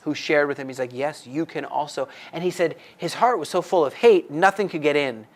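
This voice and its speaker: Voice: mid-range voice, fairly quick. A person from the United States in casual chat on a faith podcast, animatedly telling a story and acting out the quoted voices.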